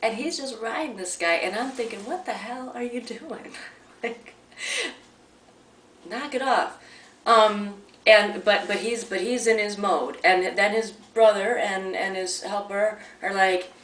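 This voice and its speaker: A woman's voice: medium pitch, unhurried, fairly bright tone. Woman, casual storytelling, rambling and chatty, distant mic, echoey room at home. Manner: chatty, rambling, with many restarts. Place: at home, near a coffee maker. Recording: roomy sound from a distant mic.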